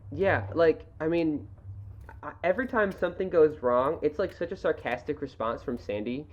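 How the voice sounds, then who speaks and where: A woman's voice: low-pitched, moderate pace. A young woman co-hosting a casual book chat podcast, rambling and restarting her sentences, with sarcastic asides. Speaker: podcast co-host. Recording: rough, dull amateur audio.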